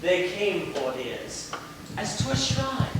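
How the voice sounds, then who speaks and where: A man's voice: high-pitched, sing-song, slow pace, heavily acted. A man playing a vain, flamboyant playwright. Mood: grandiose. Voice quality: grandiose and theatrical. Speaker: stage actor. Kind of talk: live stage play. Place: theater stage. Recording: distant, echoey and noisy theater recording.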